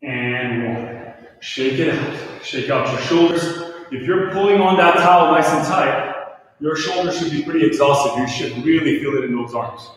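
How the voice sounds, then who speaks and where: A man leading a home workout, counting reps and calling out brisk motivating cues while he exercises. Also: fairly high pitch. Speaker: fitness instructor. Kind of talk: live home workout coaching. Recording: echoey room, distant from mic.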